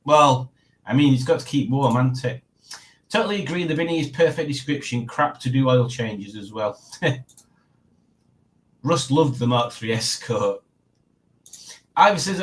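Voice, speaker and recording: A man's voice: mid-range voice, animated, measured pace, long pauses, poor audio. A man hosting a casual live stream, chatting and reading out viewer comments with frequent laughs. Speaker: livestream host.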